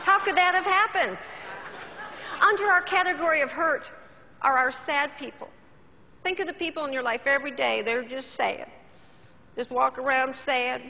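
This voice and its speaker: A woman's voice: high voice, moderate pace, vocal fry, long reverb tail, a little hiss or hum. A woman motivational speaker giving a theatrical keynote speech on stage to a live audience. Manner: animated, theatrical, addresses audience.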